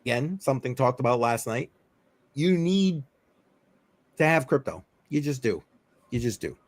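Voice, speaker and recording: A man hosts a loose, chatty crypto show. His talk wanders with fillers and offhand asides. The sound is dry and close, and his pitch sits in a middle range. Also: sing-song, normal speed, no echo. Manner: rambling and offhand, many fillers. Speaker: host of a crypto news livestream. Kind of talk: casual talk-show chat.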